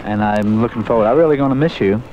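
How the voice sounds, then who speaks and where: A man, a radio DJ, chatting casually on air in a quick, jokey, jive-talking way. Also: medium pitch, darkish tone, lo-fi sound, a little hiss or hum.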